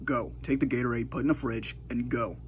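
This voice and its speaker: A man voicing his stepfather, who quietly and hurriedly shoos a kid away. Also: medium pitch, fairly even intonation, quick pace, a little hiss or hum, close to an everyday voice.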